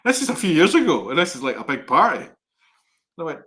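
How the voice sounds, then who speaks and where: A middle-aged man co-hosting a chat show, telling rambling personal anecdotes in a lively way. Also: on the high side, fast. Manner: animated, rambling anecdotes with laughs. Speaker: co-host. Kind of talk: casual storytelling chat.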